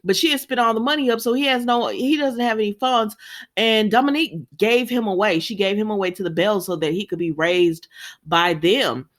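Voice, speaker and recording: A woman casually chatting to her viewers as she recaps a soap opera, animated and often laughing. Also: medium pitch, fairly quick. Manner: frequent laughter and sighs. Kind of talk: casual chat.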